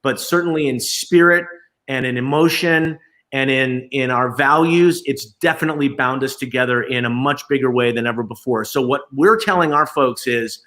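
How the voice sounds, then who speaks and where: Man, bright forceful tone, conversational executive, fillers and restarts, remote interview. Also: medium pitch, normal speed. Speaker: agency chief executive.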